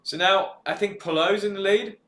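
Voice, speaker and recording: Joking male co-host, pitched a bit high, who swears freely while he banters and is recorded in a roomy space. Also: pushed and bright. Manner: joking, swearing, quick back-and-forth. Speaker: stream co-host. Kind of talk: casual race-watching banter.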